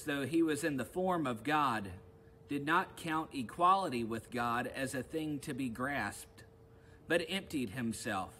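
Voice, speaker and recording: A man's voice: mid-range voice, a little hiss or hum, rough recording. A male pastor leading a devotional service, chatting informally before solemn scripture readings and prayers. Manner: relaxed and conversational in the opening, solemn and louder in the readings and prayers.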